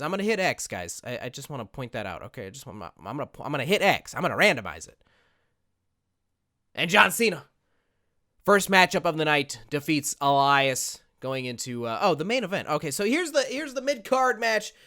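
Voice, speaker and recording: A man hosting a wrestling video game series, mixing casual chat with hyped-up announcer-style play-by-play and often tripping over his words. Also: high-pitched. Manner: excitable, hypes up matches, stumbles over words. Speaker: gaming YouTuber. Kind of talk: gameplay commentary with mock wrestling announcing.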